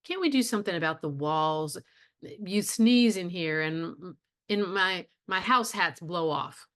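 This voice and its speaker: Woman doing a big slow-talking guy, careful, kinda pitying. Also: lowish voice, a bit bright. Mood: concerned. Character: large slow-speaking man, pitying.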